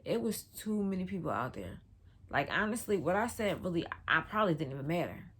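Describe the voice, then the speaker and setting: A woman's voice: fairly low pitch, very animated, fairly quick, slightly rough. A woman vlogger telling a personal story in a casual storytime, slangy and loose, full of "like" fillers.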